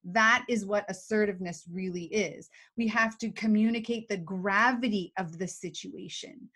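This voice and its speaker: A woman's voice: medium pitch, normal speed, fairly bright tone. A woman co-hosting a talk show, explaining emotional skills casually, laughing often and acting out examples. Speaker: podcast co-host teaching emotional skills.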